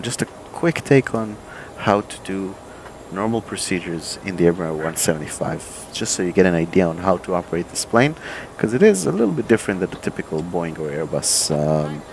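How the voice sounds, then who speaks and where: Deep-voiced man calmly explaining procedures. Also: slight background noise, low-quality recording. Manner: relaxed, thinking aloud with fillers and restarts. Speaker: airline pilot explaining procedures. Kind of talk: casual instructional walkthrough. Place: home desk with flight simulator.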